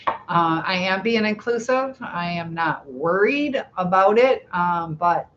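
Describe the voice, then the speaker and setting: A woman's voice: lowish voice, expressive, takes it slowly, a bit bright, highs cut off, a little hiss or hum. A middle-aged woman hosting a casual live stream, chatting, laughing often and reading viewer comments aloud.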